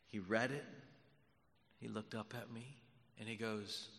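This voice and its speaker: A man preaching a sermon as pastor, moving between hushed storytelling and loud, fervent preaching. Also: fairly low pitch, steady tone, measured pace, vocal fry, long pauses, in a large hall.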